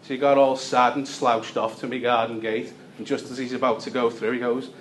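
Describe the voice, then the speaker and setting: Liverpudlian stand-up comic at a gig. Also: male voice, mid-range voice, little pitch movement, a little fast, a little hiss or hum. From Liverpool, England. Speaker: stand-up comedian. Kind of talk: stand-up set.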